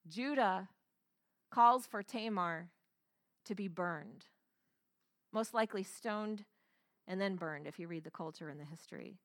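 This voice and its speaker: A woman's voice: a little high, unhurried, fairly bright tone, dry recording, studio quality. A woman pastor preaching a sermon, telling the story dramatically and acting out the quotes.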